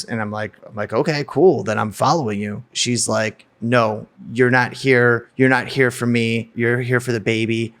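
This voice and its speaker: A man's voice: mid-range voice, a bit bright. A man candidly recounting a personal story in a blunt, emotional way, swearing freely. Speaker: guest telling a personal story.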